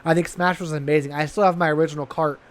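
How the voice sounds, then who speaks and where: A man's voice: fairly high pitch, steady tone, racing. A man co-hosting a gaming podcast, talking in an enthusiastic and rambling way with frequent restarts. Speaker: podcast co-host. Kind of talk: casual chat.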